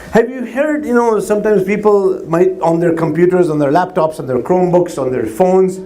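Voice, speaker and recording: High-voiced man preaching to youth. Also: a little mellow. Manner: storytelling, repetitive, addresses audience. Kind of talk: sermon to youth.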